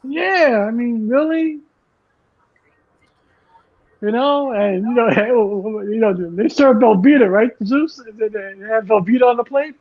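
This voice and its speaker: A man's voice: extremely high pitch, slow, phone-quality sound. A man co-hosting a casual wrestling podcast, rambling and stammering with frequent laughs. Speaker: podcast co-host.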